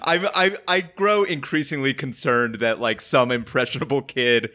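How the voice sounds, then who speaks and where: A man's voice: mid-range voice, fairly even intonation, moderate pace, pushed and bright. A man hosting a comedy podcast in casual chat, laughing often and joking at his own expense. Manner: laughs often, self-deprecating. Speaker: podcast host.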